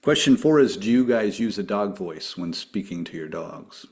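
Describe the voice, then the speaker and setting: A man's voice: fairly low pitch, expressive, normal speed. A man hosting a podcast, putting numbered questions to his guests and laughing often. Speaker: podcast host. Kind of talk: casual interview chat.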